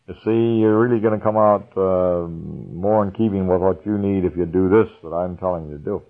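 A man preaching a folksy, unhurried sermon, chuckling now and then. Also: low-pitched. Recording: tinny phone-like radio broadcast.

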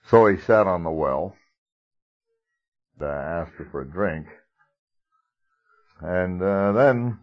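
A low-pitched man preaches a sermon with a husky edge to his voice. He talks conversationally and leans on key words, with a soft chuckle here and there. The recording sounds dull and lo-fi.

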